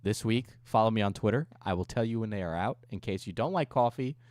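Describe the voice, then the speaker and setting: A man's voice: lowish voice, a little fast, a little mellow, no echo. A man livestreaming, chatting casually with viewers, joking, ranting and swearing often. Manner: profane, joking rants with frequent laughter. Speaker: coffee business owner.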